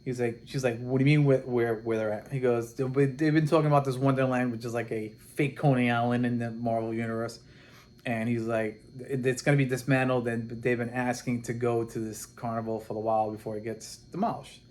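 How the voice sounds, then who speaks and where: A man casually recapping a comic book plot, animated and rambling, acting out the characters' lines as he goes. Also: medium pitch, fairly quick. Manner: rambling and animated, with many restarts and quoted dialogue.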